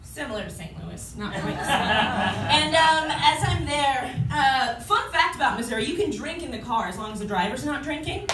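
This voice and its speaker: A woman's voice: sits high, lively intonation, normal speed, few pauses. A woman in her twenties telling a stand-up comedy story to a club audience, chatty and laughing between lines. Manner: chatty storytelling with frequent laughs and acted quotes. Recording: roomy club sound, distant mic, audience noise. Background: audience murmur and laughter.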